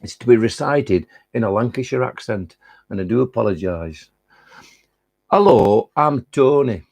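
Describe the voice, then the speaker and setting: A man, a children's poet, chatting casually on a live stream and reading comic rhyming poems, talking in a friendly, rambling way with a creaky, husky voice. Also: on the low side, moderate pace, a little mellow, no room sound. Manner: rambling, friendly asides with many restarts.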